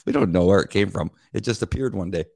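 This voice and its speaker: A man's voice: low voice, fast talker, gravelly, mellow. A middle-aged man hosting a devotional podcast in a playful, rambling casual chat, laughing easily. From United States. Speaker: podcast host.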